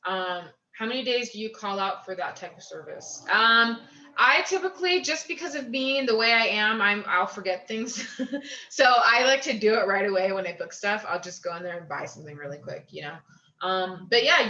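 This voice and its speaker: A woman with a bright, forceful voice, a little higher than most, talks fellow travel agents through client care in an upbeat, chatty way. She keeps slipping into quick acted-out chats with clients. The sound is roomy and a bit dull. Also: lively intonation. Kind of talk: casual advice talk.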